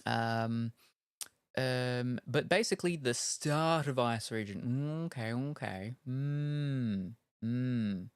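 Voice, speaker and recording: A man's voice: mid-range voice, slow pace, clean tone, dry recording, clean studio sound. A male streamer in casual chat while gaming, rambling and joking with lots of ums and uhs. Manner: rambling and jokey, with many fillers.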